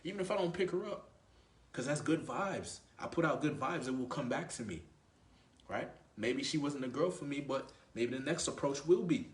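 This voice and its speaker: A man's voice: medium pitch, expressive, normal speed, roomy sound. A man giving casual dating advice, laid-back, swearing freely and acting out both sides of a conversation, recorded in a grocery store. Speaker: dating coach. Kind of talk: casual instructional monologue.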